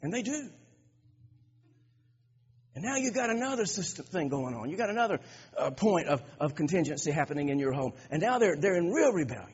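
Male pastor, sermon delivery, high husky voice, emphatic with stumbling restarts; lo-fi church hall recording. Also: very animated, a little fast, long pauses, a little mellow. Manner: emphatic, repeats words and restarts phrases. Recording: dull lo-fi recording with long hall reverb.

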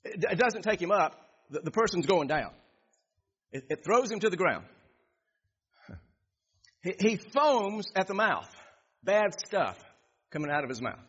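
A man preaching an expository sermon with a high, lively voice that swings up and down. His tone is husky, and he repeats phrases for emphasis. The sound is dull and carries a long hall reverb. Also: unhurried, pauses often. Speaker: pastor.

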